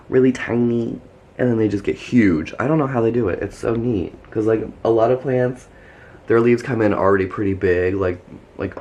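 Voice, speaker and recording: A man's voice: mid-range voice, a little mellow. A man giving a casual tour of his houseplants at home, gushing and chatty, with lots of "like" in his speech. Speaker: plant vlogger.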